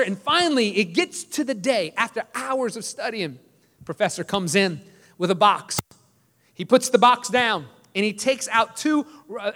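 A man's voice: high-pitched, a bit bright. A man preaching a sermon as pastor, joking and conversational with the congregation. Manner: joking, self-deprecating, conversational. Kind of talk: sermon with storytelling. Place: church. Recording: long reverb of a large hall.

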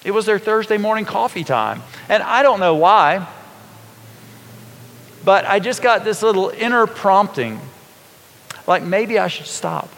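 Pastor in a reverberant church hall. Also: male voice, sits high, animated, a little slow, vocal fry, pauses often, fairly bright tone. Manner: conversational, folksy, asks the congregation questions. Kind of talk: storytelling sermon.

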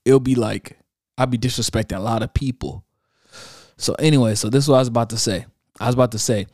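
Man with a mellow, dry voice. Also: mid-range voice, quick pace, long pauses, no room sound. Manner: animated storytelling, reading out social media comments with slang and laughs. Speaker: podcast host. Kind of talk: casual solo podcast monologue.

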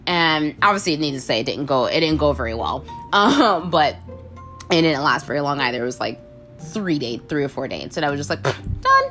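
A woman's voice: sits low, fairly quick, soft background music. A young woman casually telling a funny dating story, acting out the voices in the quotes. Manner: animated, acts out voices in quotes, frequent laughs.

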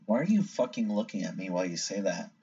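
A man's voice: low-pitched, expressive, quick pace, vocal fry, dark tone. A young man hosting a casual podcast chat, joking and teasing his co-hosts. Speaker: podcast host. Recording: distant, dull-sounding mic.

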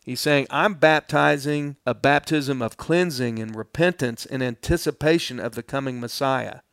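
A man's voice: mid-range voice, normal speed, fairly bright tone, clean tone, dry recording, studio quality. A male pastor giving a verse-by-verse Bible teaching, speaking earnestly and plainly to his listeners. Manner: earnest, addresses listeners directly; plainspoken and explanatory.

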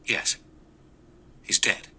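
A man voicing a brisk, shrewd doctor who speaks with urgency. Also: pushed and bright, heavily acted. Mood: urgent.

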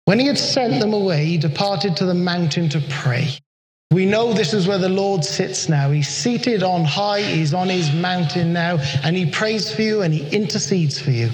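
High-voiced preacher in an echoing hall. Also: male voice, slight background noise. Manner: earnest, slows down for emphasis. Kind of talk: sermon. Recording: echoey hall with long reverb.

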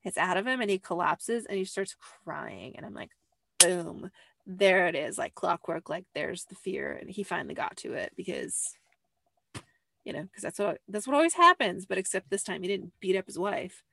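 Her medium-pitched voice is bright and forceful, with vocal fry, and she speaks fairly fast and very animatedly. In a small, cramped room she recaps a show for her podcast on a close desk mic, and the recording is dry. The casual chat rambles, full of "like" and apologetic asides.

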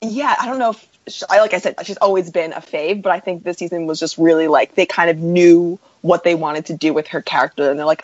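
A woman with a lowish voice co-hosts a casual podcast in a relaxed, easygoing manner. The sound is dry and close, with dull lo-fi quality. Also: brisk, dry recording. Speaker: podcast co-host.

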